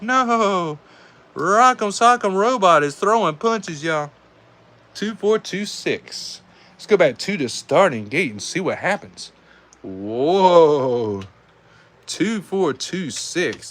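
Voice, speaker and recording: Excitable Southern man calling toy races. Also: high-pitched. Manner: excitable, calls out race times, says y'all. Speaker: die-cast race host and commentator. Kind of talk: live race commentary.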